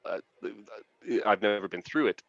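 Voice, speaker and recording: Low-voiced man, lo-fi dry call. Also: animated, creaky, no echo. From Canada. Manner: earnest, enthusiastic, quick to laugh. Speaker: author guest. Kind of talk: casual interview chat. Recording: dull lo-fi dry sound.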